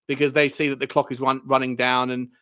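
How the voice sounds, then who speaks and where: A man's voice: medium pitch, little pitch movement, fast, bright, forceful tone, smooth. A man co-hosting a football podcast in casual chat, rambling, with many fillers and restarts.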